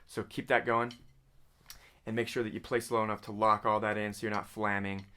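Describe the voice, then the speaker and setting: A man's voice: lowish voice, level tone, fairly quick, pushed and bright, clean tone. A man teaching a drum lesson in a casual way, singing drum patterns with vocal syllables and calling out right and left stickings. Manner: calls out stickings and counts beats. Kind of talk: casual instructional talk. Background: drums and music playing.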